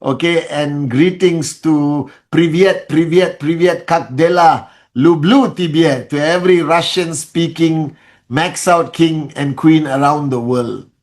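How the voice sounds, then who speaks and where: A middle-aged man leading a live online call, speaking softly and greeting viewers one by one by name. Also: a little high, takes it slowly. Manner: softly spoken; greets viewers by name with many shout-outs. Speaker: leader of a network-marketing live call. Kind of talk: live-stream motivational talk.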